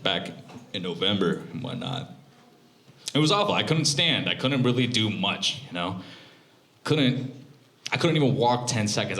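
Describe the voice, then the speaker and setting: A young man in his twenties doing stand-up on a club stage, animated, profane and quick to mock himself. His fairly low voice swings widely in pitch and has a bright, forceful edge. The sound rings around a roomy club. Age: 20s. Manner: animated, profane, self-mocking. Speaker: stand-up comedian. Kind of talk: live stand-up set.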